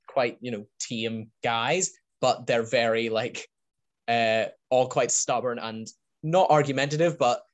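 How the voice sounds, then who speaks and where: Male podcast host, mid-pitched, chatty and enthusiastic, rambles and laughs easily. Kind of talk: casual podcast chat.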